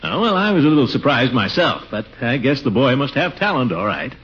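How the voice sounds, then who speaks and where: Blustering, self-important uncle; wide swoops, old radio comedy. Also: male voice, sing-song, a little fast, a bit bright. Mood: pompous. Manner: pompous, booming. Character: pompous middle-aged uncle, blustering. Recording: dull old radio recording.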